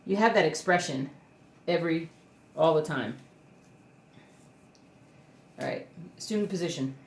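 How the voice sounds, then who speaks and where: A cross stitch vlogger chats casually to the camera at home, her deep voice lively in intonation and a little slow. She rambles with plenty of fillers, coos at her dog, and sounds emotional, close to tears. The indoor sound is roomy with slight background noise.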